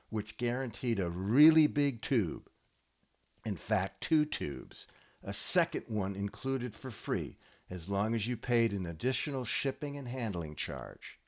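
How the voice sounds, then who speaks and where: A man hosting a podcast, giving a deadpan comic monologue with mock-earnest, solemn delivery. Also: on the low side. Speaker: podcast host.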